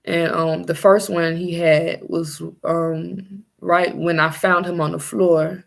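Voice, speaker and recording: A young woman telling her own story as a mother in a personal vlog, halting and searching for her words. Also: on the low side, steady tone, gravelly.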